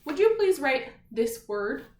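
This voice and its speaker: A woman's voice: high voice, very animated, slow, darkish tone. A woman teaching a spelling lesson to young children, patient and encouraging, sounding words out letter by letter. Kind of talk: slow, clear remote spelling lesson for children. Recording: echoey room.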